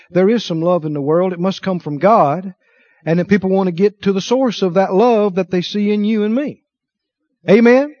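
A man's voice: high voice, darkish tone, no room sound, lo-fi sound. A middle-aged man preaching a sermon with emphasis, calling on the congregation to answer him. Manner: emphatic, calls for congregation responses.

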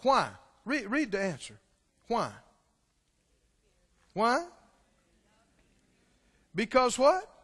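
Preacher guy, real high bright voice, big reverby church, pushes the crowd hard. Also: very animated, extremely slow, long pauses, husky. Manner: emphatic, calls out to the congregation, swings from hushed to shouting. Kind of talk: sermon. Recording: long hall reverb.

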